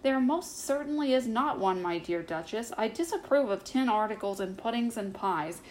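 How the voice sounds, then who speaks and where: A woman's voice: fairly high pitch, expressive, moderate pace, a little hiss or hum, lightly acted, poor audio. A woman voicing a prim, proper female cat hostess in a children's story, in a polite and disapproving way.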